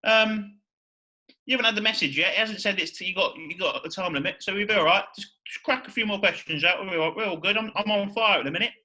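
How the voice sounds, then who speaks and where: Brief: male podcast host, high bright voice, fired-up and profane in loose chat. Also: fast, poor audio. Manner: excitable, swears a lot, repeats "you know what I mean". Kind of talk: casual chat.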